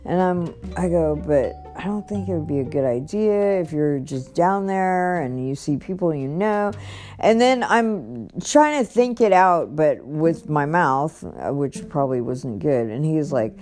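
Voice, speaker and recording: A woman's voice: deep voice, lively intonation, measured pace, a little mellow, soft background music. A woman talking casually about her own life on a podcast, rambling with many fillers and restarts. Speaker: podcast host. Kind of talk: casual personal storytelling.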